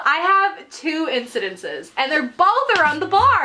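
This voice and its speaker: A young woman co-hosting a casual chat, telling animated stories and acting out her customers. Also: high-pitched, fairly quick, hardly any pauses, music in the background. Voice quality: animated storytelling, acts out customers. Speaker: podcast co-host.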